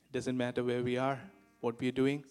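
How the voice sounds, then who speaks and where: A man leading a calm, devoted prayer, repeating his phrases. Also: mid-range voice, brisk, smooth, soft background music. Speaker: prayer leader. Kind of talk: spoken prayer over music.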